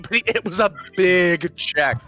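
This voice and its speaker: Man, podcast co-host, casual chat, laughing, slow pace, bright tone. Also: high voice, expressive, faint music behind. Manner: laughs often, retells film scenes.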